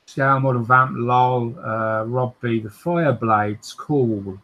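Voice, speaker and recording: A man hosts a relaxed livestream, taking his time as he reads out viewer comments. His talk is full of fillers and small restarts, and he often breaks into laughter. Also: medium pitch, extremely slow, pauses often, low-quality recording. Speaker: host of a modelling livestream. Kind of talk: casual chat, reading out viewer comments.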